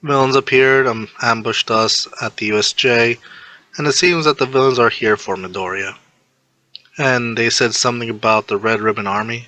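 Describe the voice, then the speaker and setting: A man voicing a tired male teacher who answers flatly and curtly. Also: mid-range voice, dry recording, natural voice, low-quality recording. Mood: terse. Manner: flat, curt and quick.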